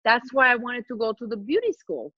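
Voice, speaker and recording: A middle-aged woman, a podcast guest telling a personal story in a lively, laughing way, often repeating and restarting her words. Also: fairly high pitch, fairly quick, slightly rough, no room sound, highs cut off. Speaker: master trainer, podcast guest. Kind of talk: casual storytelling chat.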